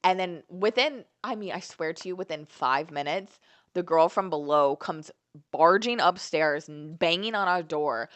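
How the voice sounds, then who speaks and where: A young woman vlogger telling a story in an animated, profane, candid way. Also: fairly low pitch, unhurried. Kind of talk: storytime vlog.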